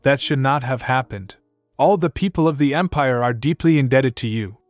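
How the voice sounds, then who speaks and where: A man voicing a gentle, soft-spoken father. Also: medium pitch, normal speed, no echo, soft background music, close to an everyday voice. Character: gentle, emotional father of a princess.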